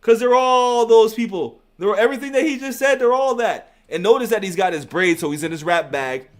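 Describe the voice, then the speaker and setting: Reaction host, male, fairly high voice, emphatic and profane, loves to repeat himself. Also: expressive, fairly quick. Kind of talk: casual music reaction commentary.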